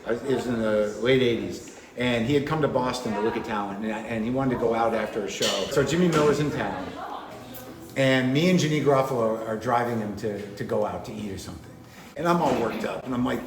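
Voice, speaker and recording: A male comedian telling rambling backstage anecdotes in casual chat, breaking into animated impressions. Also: medium pitch, quick pace, roomy sound, crowd noise. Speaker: comedian guest. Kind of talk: storytelling chat.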